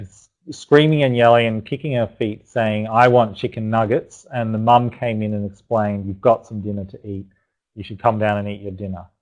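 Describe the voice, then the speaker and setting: A man's voice: mid-range voice, darkish tone, poor audio. Chatty male webinar presenter. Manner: chatty, encouraging, loosely paced with restarts. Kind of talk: live online teaching webinar.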